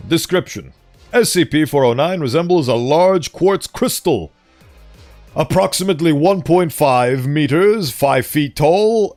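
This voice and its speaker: Guy reading creepy articles on stream, voice jumps all over, bit high, faint music behind. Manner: animated, breaks off into playful asides. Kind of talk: casual reading with joking commentary. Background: faint background music.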